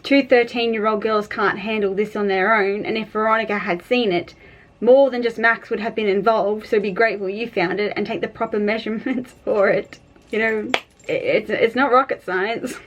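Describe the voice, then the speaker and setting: A woman's voice: medium pitch, fairly even intonation, moderate pace, lo-fi sound. A young adult woman hosting a reaction video, exasperated and nitpicking, laughing at what she watches. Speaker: equestrian reaction host. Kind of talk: reaction commentary.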